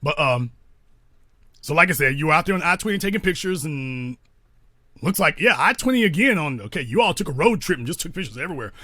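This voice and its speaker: Emphatic lecturing man, high lively voice. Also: fast, no room sound, studio quality. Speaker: host. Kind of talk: call-in talk show, arguing a point.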